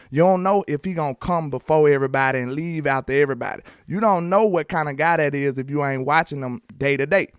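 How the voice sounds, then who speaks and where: A man's voice: fairly high pitch, smooth, no room sound, clean studio sound. Hyped Southern man talking football. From Alabama. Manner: animated, hype, slangy, talks straight to viewers. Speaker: sports commentary host. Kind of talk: casual sports commentary vlog.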